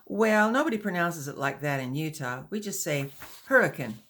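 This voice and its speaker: A woman's voice: sits low, lively intonation, normal speed, a bit bright. A woman voicing a young male wagon teamster from Utah, talking in a cheerful drawl. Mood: easygoing.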